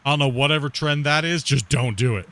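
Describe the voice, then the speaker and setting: A man in the middle of a relaxed gaming session, talking off the cuff at an everyday middle pitch. He rambles, circles back on his own words and breaks into laughs as he goes. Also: fast talker. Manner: rambling, repeats himself, laughs easily. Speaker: gaming streamer. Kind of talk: casual chat while playing.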